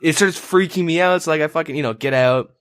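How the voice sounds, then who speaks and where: A man's voice: on the high side, fast talker, a bit bright. A man co-hosting a podcast, telling a story in casual banter, profane and rambling with lots of fillers. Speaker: podcast co-host.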